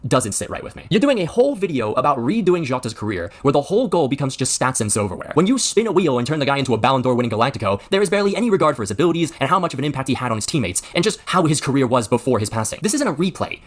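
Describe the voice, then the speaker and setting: Quick lively male commentator, disgusted and critical. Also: medium pitch. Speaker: YouTube commentator. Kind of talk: commentary voice-over.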